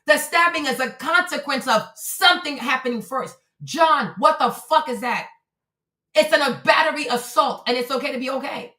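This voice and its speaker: A woman's voice: sits high, moderate pace, bright, forceful tone, roomy sound. A woman hosting a live-stream commentary, talking bluntly and profanely as she lectures a viewer in her chat. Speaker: livestream host.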